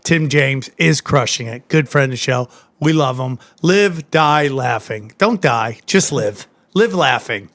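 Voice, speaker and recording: A man's voice: mid-range voice, animated, unhurried, hardly any pauses, fairly bright tone. A man hosting a podcast in casual chat, running through sponsor plugs with self-mocking jokes. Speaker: podcast host.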